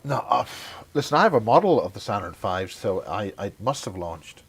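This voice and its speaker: A man's voice: lowish voice, sing-song, moderate pace, creaky, slight background noise. A man interviewing in a casual conversation, teasing and provoking with mock-earnest remarks.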